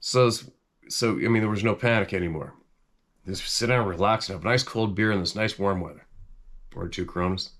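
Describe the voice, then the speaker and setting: A middle-aged Canadian man with a stuffy head cold, chatting casually to camera in a rambling, animated way. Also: sits low, brisk. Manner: rambling and animated, chuckles often, voice jumps up when quoting himself. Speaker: hunting channel host.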